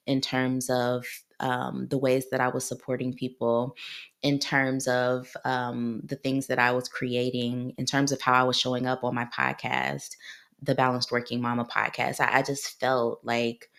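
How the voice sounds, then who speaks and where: Low gravelly-voiced woman podcast host. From Ohio, US. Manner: heartfelt, personal, repeats words. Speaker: podcast host, clinical psychologist. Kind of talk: solo podcast monologue.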